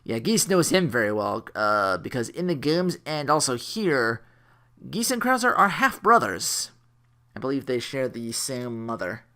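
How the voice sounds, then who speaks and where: A man reviews an old cartoon in a loose, joking ramble, his pitch swinging up and down as he gets into it. He corrects himself mid-sentence and laughs at his own jokes. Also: sing-song, measured pace, bright, forceful tone. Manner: rambling, jokey, self-correcting, laughs often. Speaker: anime reviewer. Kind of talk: casual review commentary.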